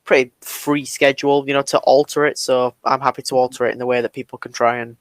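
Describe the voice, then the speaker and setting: A man's voice: medium pitch, little pitch movement, fast talker, no echo. A British man chatting casually as a podcast co-host and story reader, easygoing and talkative. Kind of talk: casual chat.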